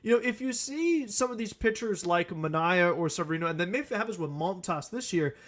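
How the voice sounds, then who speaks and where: A man with a high, bright voice co-hosts a sports podcast. He talks earnestly and at length, circling back on his points. He laughs easily between thoughts. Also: animated, brisk. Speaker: podcast co-host. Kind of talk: casual sports talk.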